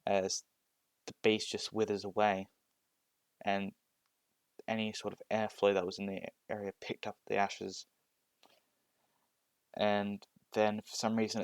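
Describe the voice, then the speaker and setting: Young man narrating hesitantly, slow. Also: on the low side, monotone, smooth, dry recording. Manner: hesitant, many restarts and fillers. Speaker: storyteller. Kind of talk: improvised fan-fiction narration.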